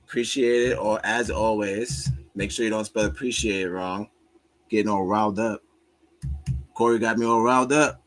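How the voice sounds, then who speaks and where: A man's voice: fairly low pitch, fairly even intonation, moderate pace. A man hosting a livestream, reacting in a casual, profane and joking way. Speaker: streamer host.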